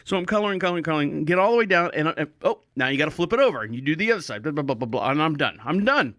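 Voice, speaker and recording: A man's voice: a little high, expressive, very fast, a bit bright, no echo, studio quality. A man hosting a podcast, telling a rambling, jokey story in a casual monologue. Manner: rambling, jokey, self-mocking. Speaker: podcast host.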